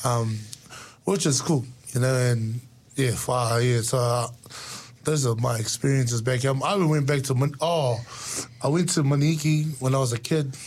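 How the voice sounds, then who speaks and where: A man, casually telling stories as a guest and laughing often. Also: normal speed. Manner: lively, laughs often, jumps into high voices for quoted lines. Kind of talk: casual storytelling chat.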